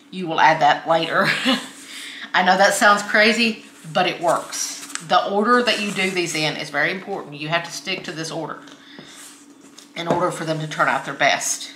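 A woman with a lowish, bright, ringing voice chats her way through a home cooking demonstration. She talks friendly and easygoing while working, and the kitchen gives her voice a roomy echo with faint clinks of dishes and utensils behind her. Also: a little hiss or hum. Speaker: cooking channel host. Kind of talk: chatty home cooking tutorial.

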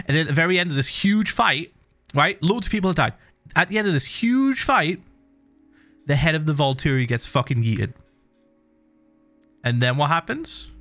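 A man's voice: mid-range voice, a bit bright. A man streaming a game, ranting animatedly and swearing a lot in an exasperated, casual way. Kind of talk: casual gaming stream chat.

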